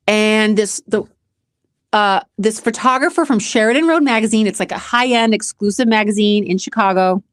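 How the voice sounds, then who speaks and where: A woman's voice: medium pitch, dry recording, studio quality. Candid woman telling a personal story. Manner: emotional, repeats herself, addresses viewers as guys. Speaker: host of a self-help channel.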